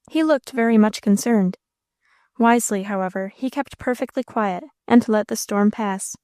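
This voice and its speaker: A woman narrating a classic novel as an audiobook, in a steady, measured way. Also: medium pitch, no echo, clean studio sound.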